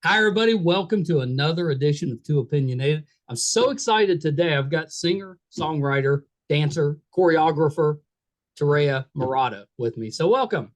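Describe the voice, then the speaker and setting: Lively West Virginia-accented male host. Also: a little high, fairly quick, hardly any pauses. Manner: friendly, self-deprecating, repeats words. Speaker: podcast host. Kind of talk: casual interview chat.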